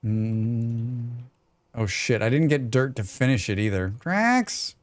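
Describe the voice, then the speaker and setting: A man's voice: mid-range voice, expressive, takes it slowly. An American man chatting casually and joking with his chat while he plays a survival game on a live stream.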